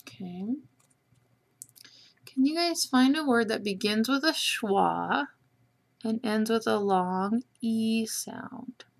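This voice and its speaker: A woman teacher giving a patient spelling lesson to students over a webcam, slowly sounding out letters and syllables. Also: a little high, creaky. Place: room with a whiteboard. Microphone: webcam microphone.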